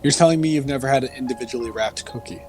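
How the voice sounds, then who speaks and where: A man's voice: medium pitch, very fast, darkish tone. Young male co-host, teasing, digs in on arguments, faint music behind. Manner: teasing, stubborn in debate. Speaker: podcast co-host. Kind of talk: casual chat.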